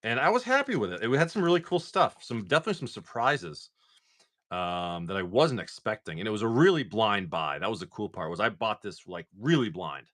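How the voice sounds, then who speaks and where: Lively, chatty male stream host. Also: lowish voice, a little fast. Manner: chatty and excitable, talks straight to viewers. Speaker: live-stream card seller and host. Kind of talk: casual live-stream chat while opening packs.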